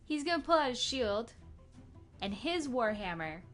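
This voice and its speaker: A woman's voice: on the high side, sing-song, normal speed, fairly bright tone, faint music behind. Upbeat woman playing a tabletop game. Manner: upbeat, counting dice aloud. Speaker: player. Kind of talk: casual tabletop play.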